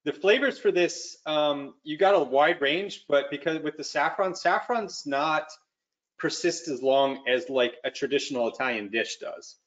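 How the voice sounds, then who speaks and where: A man's voice: on the high side, moderate pace, a bit bright. A man chatting casually while cooking, rambling with many fillers and restarts. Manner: rambling, lots of likes and restarts. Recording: dull lo-fi call audio.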